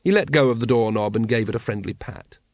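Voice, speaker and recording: A man narrating an audiobook in a wry, measured way. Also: medium pitch, a little mellow, dry recording, studio quality. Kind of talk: scripted narration.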